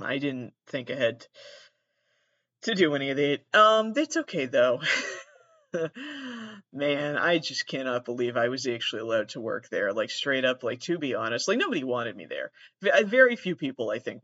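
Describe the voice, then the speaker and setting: A man hosting a podcast in a rambling, profane, self-deprecating monologue, with a gravelly, monotone voice. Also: mid-range voice, dry recording. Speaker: podcast host. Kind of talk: casual monologue. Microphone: laptop recording. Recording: dull, dry lo-fi sound.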